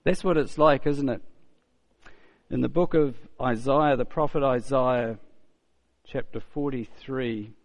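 A man's voice: mid-range voice, takes it slowly, long pauses. A man preaching a sermon in a conversational, storytelling way, often asking rhetorical questions and repeating key phrases.

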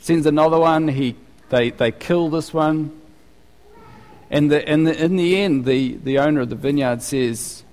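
A man's voice: mid-range voice, unhurried, a little mellow. Preacher man in a reverberant hall. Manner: conversational, asks the listeners rhetorical questions. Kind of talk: sermon.

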